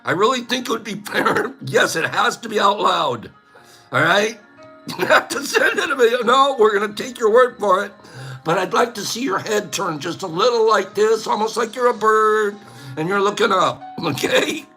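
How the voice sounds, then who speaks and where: A man with a high voice and lively intonation hosts a relaxed live stream at a moderate pace, soft music underneath. He jokes around with the chat, laughing often and suddenly letting out loud bird calls.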